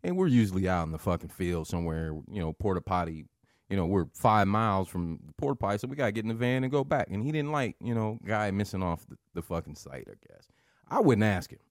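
Casual male storyteller, low-ish voice, dry close sound, profane and loose. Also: fast talker, dry recording. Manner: profane, laughing, animated storyteller.

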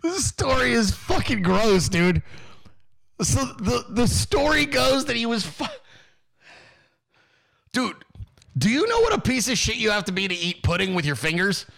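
A man's voice: sits high, big pitch swings, unhurried, gravelly, pauses often, a bit bright. A man hosting a political commentary show, ranting and mocking with constant swearing.

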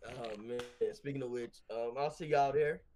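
A man co-hosting a casual wrestling podcast over a remote call, talking in a rambling, slangy, animated way and laughing often. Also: mid-range voice, normal speed, a little hiss or hum. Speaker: podcast co-host. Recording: remote call with glitchy connection.

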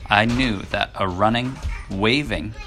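A woman voicing a patient, steady male frog in a storybook, calm and encouraging. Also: extremely low pitch, unhurried, faint music behind.

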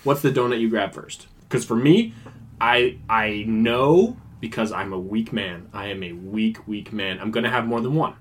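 A man's voice: lowish voice, moderate pace, a bit bright, a little hiss or hum. A man co-hosting a podcast in casual chat, rambling and poking fun at himself. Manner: rambling, self-mocking, chatty. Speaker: podcast co-host.

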